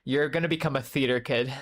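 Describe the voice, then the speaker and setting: On a casual live-stream chat, a young man speaks in a mid-range voice at a moderate pace. His talk is rambling and profane, packed with fillers and swearing, and he stops mid-story to answer viewers' messages by name.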